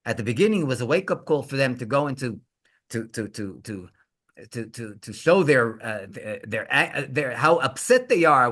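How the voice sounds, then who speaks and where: A man, a rabbi, telling a story in a sermon, animated, with his voice climbing high for emphasis and stumbling through restarts. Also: moderate pace.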